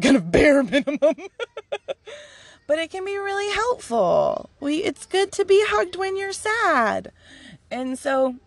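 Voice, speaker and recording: A woman's voice: medium pitch, gravelly, no room sound. A woman hosting a podcast in a casual, candid monologue, laughing often as she shares. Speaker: podcast host.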